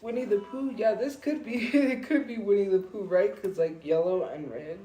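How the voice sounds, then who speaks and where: A woman's voice: medium pitch, moderate pace, mellow, echoey room, poor audio. A woman hosting a casual livestream, rambling with lots of fillers and laughing at herself. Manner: rambling, filler-heavy, self-deprecating. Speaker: livestream host. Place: home room. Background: faint music playing.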